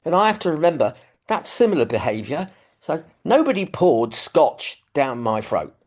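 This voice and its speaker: A man's voice: a little high, sing-song, normal speed, a little mellow. A man with a London accent, speaking from his living room on a video call, telling his recovery story in a casual, self-deprecating way with many fillers. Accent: London English. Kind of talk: personal testimony, casual.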